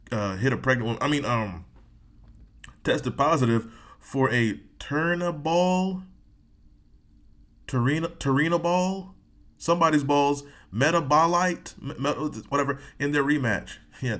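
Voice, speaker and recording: A man's voice: mid-range voice, fairly bright tone. A man hosting a reaction video, reading a sports article aloud with rambling, joking asides and frequent laughs.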